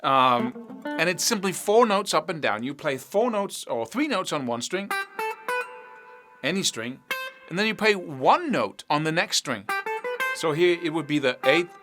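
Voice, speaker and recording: A man giving a guitar lesson in a bright, rather high voice that swings widely in pitch. He explains with animated rhetorical questions and boxing analogies, with a faint guitar in the background. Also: measured pace. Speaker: guitar teacher. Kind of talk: instructional talk to camera.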